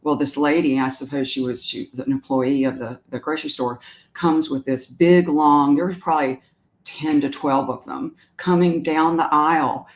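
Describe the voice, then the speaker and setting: A woman's voice: low-pitched, fairly even intonation, moderate pace. Chatty Southern woman hosting a live stream. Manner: chatty and meandering, reads viewer comments aloud. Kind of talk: casual live-stream talk.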